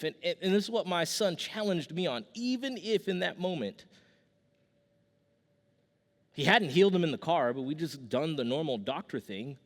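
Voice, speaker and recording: A man in his thirties preaching a sermon as pastor, telling stories conversationally with restarts and a casual "y'all". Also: a little high. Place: church sanctuary with long reverb. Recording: long hall reverb from a church.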